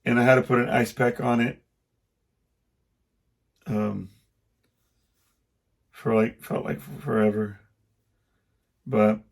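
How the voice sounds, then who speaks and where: The middle-aged host of a podcast tells a personal story in a loose, casual monologue, breaking off mid-thought and acting out what people said. His voice is medium-pitched with vocal fry.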